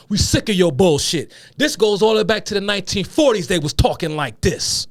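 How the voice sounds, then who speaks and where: Fired-up man, profane political rant, kinda high voice, dry mic. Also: lively intonation, a little fast, hardly any pauses, no room sound. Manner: heated, profane, reads quotes then rants. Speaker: commentary host. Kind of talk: solo political commentary.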